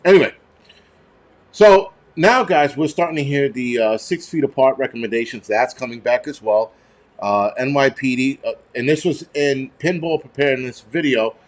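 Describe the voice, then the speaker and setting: On his prepper channel, this man speaks in a mid-range voice at a moderate pace. His storytelling turns into a casual, heated rant, profane and rambling.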